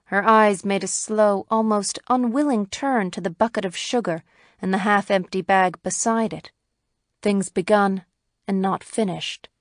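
A woman narrating a classic short story in a measured, even storytelling manner. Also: medium pitch, no echo, clean studio sound. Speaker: audiobook narrator.

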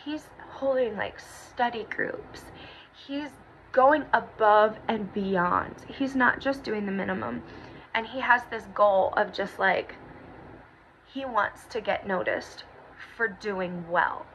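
A woman's voice: medium pitch, slow pace, fairly bright tone. A young woman giving a casual, emotional personal update as a vlogger, gushing and teary, with many fillers. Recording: dull lo-fi audio with faint hiss.

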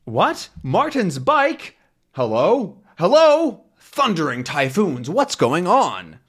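A man voicing a gruff, confused male sea captain from a comic, shouting into a telephone. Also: high voice, wildly swooping pitch, slow pace, voice pushed up, exaggerated voice. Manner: bewildered shouting into a phone.

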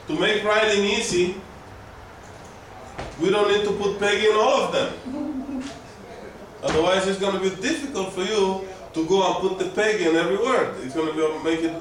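A man teaching a language class, explaining slowly and patiently and repeating his words. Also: sits high, a little hiss or hum. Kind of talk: classroom lesson. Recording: very echoey room, mic far off.

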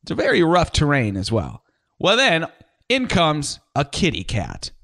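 A man on a casual podcast, joking around and telling stories in a lively way. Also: fairly high pitch, a little slow, gravelly.

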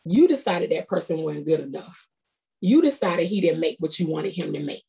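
A woman's voice: low-pitched, very animated, moderate pace, gravelly, dark tone. A middle-aged woman, preaching a sermon in an earnest, conversational, colloquial way. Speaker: prophetess preaching.

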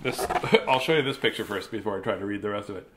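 A man's voice: fairly low pitch, fast, background noise. A man reading a children's picture book aloud, with chatty, chuckling asides. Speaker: storybook reader.

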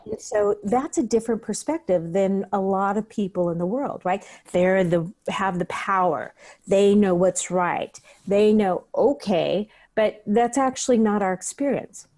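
A woman's voice: mid-range voice, unhurried, a little mellow. A woman breathwork teacher talking in an interview, earnest, acting out the questions she asks herself. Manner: earnest, acts out her own inner questions. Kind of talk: conversational interview.

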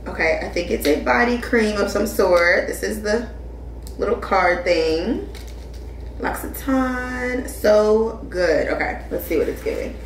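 A young woman from Flint, Michigan chatting casually to her viewers as she unboxes things, animated and calling them y'all. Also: medium pitch, distant mic, a little hiss or hum. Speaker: lifestyle vlogger. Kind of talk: casual vlog chat. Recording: echoey room, voice a bit off-mic.

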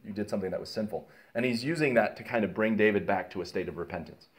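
A man teaching a casual Bible study, telling stories in an animated way with many fillers and restarts. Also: on the low side, quick pace.

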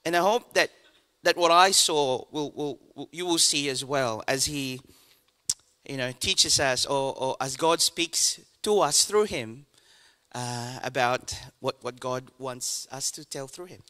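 A man, a pastor introducing a guest speaker to his church, talking in a halting way with many restarts. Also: mid-range voice, bright, forceful tone. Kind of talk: church announcement.

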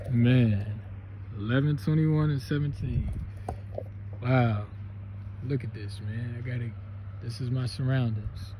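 A man, vlogging excitedly and reverently on his family's road, laughing often. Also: medium pitch, takes it slowly, long pauses, muffled recording, slight background noise. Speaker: vlogger visiting family land. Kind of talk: emotional casual vlog narration.

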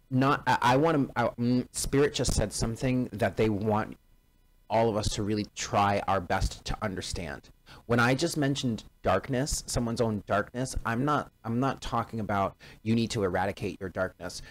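The audio is poor as a man with a somewhat low voice reads tarot cards in a casual way. Addressing his viewers directly, he stresses his points hard and repeats himself.

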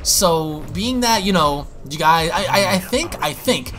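A man giving excitable, profane live commentary while playing a zombie shooter, often repeating his words. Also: sits high, measured pace, faint music behind. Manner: excitable, swears, exclaims and repeats himself. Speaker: gaming YouTuber.

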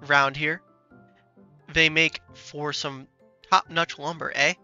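Hearty Canadian lumberjack voiced by a man, bright edge to the voice, rather high. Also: little pitch movement, slow pace, smooth, muffled recording, faint music behind, full character voice. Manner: hearty folksy drawl, says "eh" a lot.

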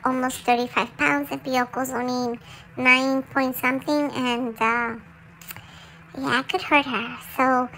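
A woman voicing a small, excitable pet dog, chatting and mixing English with Spanish as it tells its side of the story. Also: high voice, a little hiss or hum, low-quality recording. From Puerto Rico. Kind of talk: confessional monologue in a dog's voice.

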